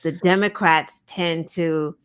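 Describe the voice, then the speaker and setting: A woman co-hosting a podcast, telling stories in a lively, animated way with swearing. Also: lowish voice, slow pace, clean tone. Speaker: podcast co-host. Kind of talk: casual chat.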